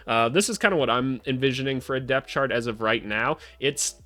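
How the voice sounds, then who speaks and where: A young adult man hosting a casual basketball commentary vlog, blunt and sarcastic and quick to swear. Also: mid-range voice, sharp tone. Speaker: basketball analyst, channel host.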